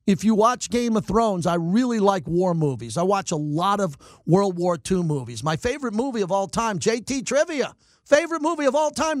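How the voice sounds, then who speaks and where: A middle-aged man hosting sports talk radio, ranting in animated bursts and mocking his critics. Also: high-pitched, no echo, clean studio sound. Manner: animated, rants and mocks in quick bursts. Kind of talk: fired-up sports talk monologue.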